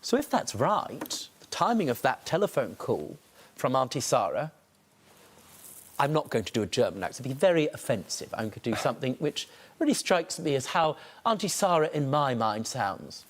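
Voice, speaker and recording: A man presides as a TV courtroom judge. He questions in a stern, scolding and theatrical manner, and his pitch rises and falls expressively. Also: sing-song, moderate pace, a little hiss or hum.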